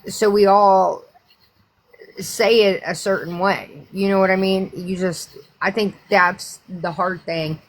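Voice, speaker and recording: A woman's voice: mid-range voice, steady tone, slow pace. An American woman hosting a livestream, chatting casually in a rambling, frank and profane way. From United States. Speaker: livestream host. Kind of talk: casual chat.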